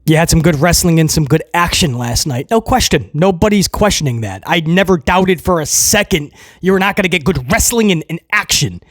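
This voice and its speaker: A man's voice: on the high side, expressive, fairly quick, no echo, studio quality. A man hosting a casual wrestling commentary show, ranting with sarcasm and mocking people in put-on voices.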